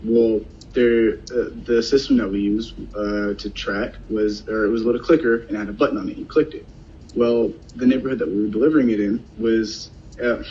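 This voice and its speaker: A man casually telling a personal story in a conversation, animated and acting out what other people said. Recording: dull lo-fi sound, faint rumble.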